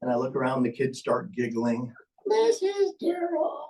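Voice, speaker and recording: A man's voice: medium pitch, flat delivery, brisk, darkish tone, recorded from a distance, low-quality recording. A man, a ventriloquist and entertainer, telling funny stories live to an audience in a playful, chatty way that teases the crowd. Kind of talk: live comedic storytelling to an audience. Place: stage in a large hall.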